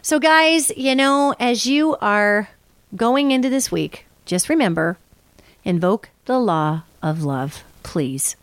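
A woman's voice: a little high, expressive, slow, no echo. A woman hosting a live call-in radio show as a psychic, talking in a chatty, rambling way and calling her listeners "you guys" from a studio microphone.

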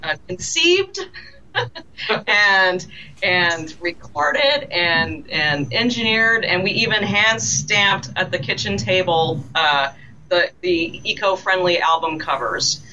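Bright-toned chatty woman musician. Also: lowish voice, lively intonation, takes it slowly, muffled recording, slight background noise. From Canada. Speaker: band member. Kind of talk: casual interview chat.

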